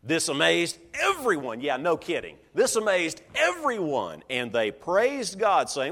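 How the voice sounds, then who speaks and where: Male preacher, very expressive storyteller, echoing church hall sound. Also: a little high, measured pace, hardly any pauses. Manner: animated storytelling, acting out voices of listeners. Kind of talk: sermon.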